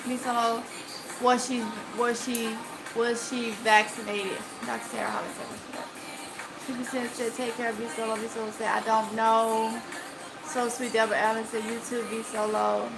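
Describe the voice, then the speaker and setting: Woman, Mississippi accent, livestream host, chatty, reads comments, laughs easily, high voice, music in background. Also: little pitch movement, moderate pace, low-quality recording. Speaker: channel host. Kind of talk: livestream chat reading.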